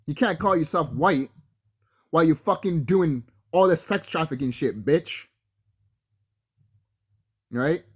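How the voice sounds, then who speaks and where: A man delivering a solo spiritual rant to camera, profane and confrontational, talking straight at his enemies and laughing between threats. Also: a little high. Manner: breaks into laughter, mimics others in quotes. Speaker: vlogger.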